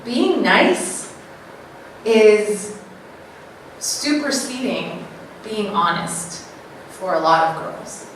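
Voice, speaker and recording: A woman giving a live talk to an audience, animated, acting out little quoted voices and often checking in with the crowd. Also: mid-range voice, very slow, long pauses. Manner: animated, acts out quoted voices, keeps asking "right?". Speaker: speaker at an event. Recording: very echoey room, mic far off, faint noise.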